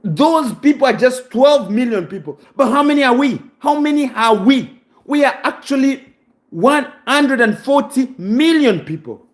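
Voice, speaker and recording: Man from Congo, high voice, impassioned, preachy, rhetorical questions, emotional. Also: animated, unhurried. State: emotional, close to tears. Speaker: channel host. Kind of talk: impassioned monologue.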